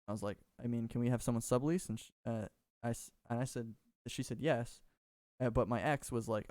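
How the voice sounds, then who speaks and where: A man's voice: medium pitch, brisk, a little mellow, no room sound, studio quality. A young man from Minnesota co-hosting a podcast, telling stories in a rambling, casual way and swearing freely. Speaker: podcast co-host. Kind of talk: casual chat.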